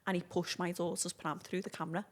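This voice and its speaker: Brief: young woman, slightly low voice, chatty matter-of-fact storyteller, guest on a chat show. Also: flat delivery, quick pace. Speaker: podcast guest, exorcist. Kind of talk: casual chat.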